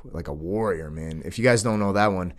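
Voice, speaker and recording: Laid-back man in his thirties, low voice. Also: brisk. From New York, United States. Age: 30s. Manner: easygoing, says dude and man often. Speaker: podcast host. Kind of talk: casual chat.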